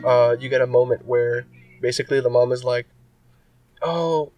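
A man's voice: medium pitch, completely flat delivery, a little fast, a little mellow, distant mic, faint music behind. A man co-hosting a casual podcast chat. He rambles and packs his talk with "like" and "um". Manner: rambling, filler-heavy with many likes and ums. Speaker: podcast co-host.

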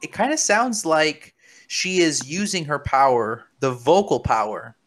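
Man, fairly high pitch, mock-serious, conspiratorial, stammering, comedy podcast host. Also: animated, unhurried, fairly bright tone. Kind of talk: comedic deadpan chat.

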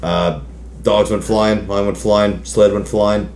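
Man playing a tough-talking Australian bushman, deadpan and laconic, fake accent, roomy echoey room. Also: on the low side, slow, slight background noise. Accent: put-on Australian. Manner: deadpan, laconic, full of Aussie slang. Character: boastful rugged Australian survivalist man, deadpan bravado. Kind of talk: improvised comedy interview in character.

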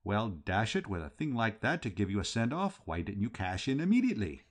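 A man voicing a breezy, talkative young English gentleman with a jaunty, bluff manner. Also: on the low side, very animated, a little fast.

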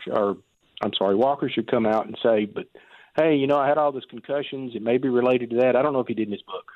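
A man's voice: medium pitch, no room sound. Guy calling into a radio show, tinny phone line, rambles and restarts a lot, dry sound. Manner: rambling, hesitant, many fillers and restarts. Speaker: caller. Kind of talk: casual call-in chat.

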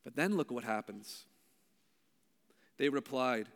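A man from Canada preaching a sermon, animated, his delivery swinging between loud, emphatic lines and hushed ones. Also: sits high, normal speed. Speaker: pastor. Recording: long hall reverb.

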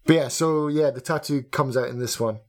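Guy on a podcast, mid-pitched, casually nitpicking a game. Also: fairly quick. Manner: candid, picky opinions with laughs. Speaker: podcast co-host.

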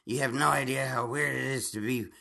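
Bright-voiced rambling, cursing man. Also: medium pitch, fairly even intonation, a little fast, gravelly. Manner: rambling, profane, frequent restarts and laughs. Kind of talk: casual chat.

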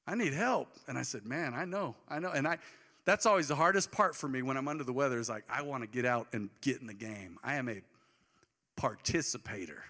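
A man's voice: mid-range voice, fairly quick, sharp tone, big-room sound. A man in his forties preaching a sermon as pastor, conversational and joking, with bursts of emphasis. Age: 40s.

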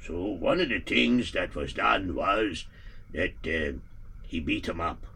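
A man voicing a gloomy villager with a Yiddish accent, halting and repeating himself as he brings bad news. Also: deep voice, lively intonation, vocal fry, pushed and bright, a little hiss or hum, heavily acted. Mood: grim. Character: male villager bearing grim news, weary and gloomy.

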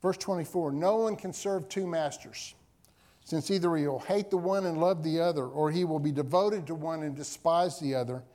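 A man's voice: on the high side, normal speed, dark tone. A male pastor preaching a sermon to his congregation, reading scripture and hammering home key phrases through repetition. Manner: emphatic, repeats key phrases for effect. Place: church service before a congregation.

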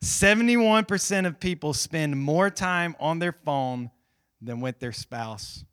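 A middle-aged male pastor preaching a sermon to a live congregation in a church, telling a Bible story with lively emphasis, swinging between loud pushes and low, quiet asides. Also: takes it slowly, clean tone. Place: church hall with live audience.

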